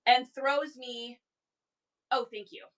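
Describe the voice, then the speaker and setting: A woman hosting a reseller livestream, telling a story casually to her chat in an animated way, with quick asides to viewers. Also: high voice, crowd noise, rough recording.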